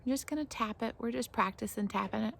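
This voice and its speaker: A woman teaching a tapping exercise to children, speaking slowly and encouragingly and praising them often. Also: a little high, gravelly, husky. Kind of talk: gentle instruction for kids.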